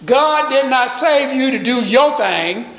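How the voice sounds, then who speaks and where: A man preaching a sermon as pastor, pausing to quiz his congregation with call-and-response questions. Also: very high-pitched, expressive, bright, forceful tone, roomy sound, rough recording. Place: church.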